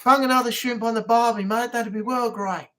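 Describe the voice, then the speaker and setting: A man's voice: extremely high pitch, fairly even intonation, a little fast, bright, forceful tone. A man doing a breezy, jokey Australian bloke impression. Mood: cheery. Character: cheery laid-back Australian bloke.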